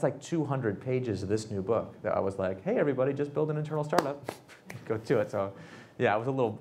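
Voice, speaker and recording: A man in his thirties, an author and entrepreneur, telling animated stories at a fireside chat and acting out the people he quotes. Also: lowish voice, gravelly, a little hiss or hum. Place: event space with audience.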